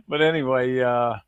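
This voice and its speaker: A man's voice: medium pitch, clean tone, dry recording, dull audio. A man co-hosting a livestream, greeting viewers one after another in an upbeat way. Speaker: co-host. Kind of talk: casual livestream chat.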